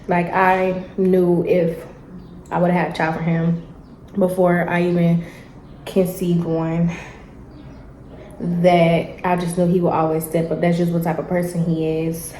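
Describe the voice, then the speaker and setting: A young woman, telling a story in a casual, animated vlog chat and acting out the dialogue. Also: fairly low pitch, measured pace, reverberant, slight background noise, poor audio. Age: young adult. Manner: animated, chatty, acts out dialogue. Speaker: vlogger. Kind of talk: casual storytelling while eating.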